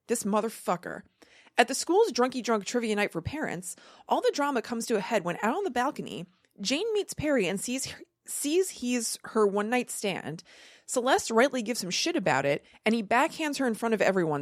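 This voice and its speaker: A woman's voice: on the high side, no echo, studio quality. A woman hosting a book-club podcast, summarizing a novel in a breezy, joking way with casual swearing. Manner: breezy, profane, summarizing with jokes. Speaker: podcast host.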